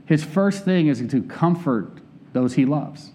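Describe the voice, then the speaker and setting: Higher-voiced man preaching a conversational sermon. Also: lively intonation, a little slow, dark tone, slight background noise. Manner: candid, personal, asks the listeners questions.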